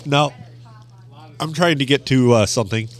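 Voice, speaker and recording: A man with a mid-range voice co-hosts a casual podcast. He jumps into the chat with quick wisecracks. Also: mid-range voice. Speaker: podcast co-host.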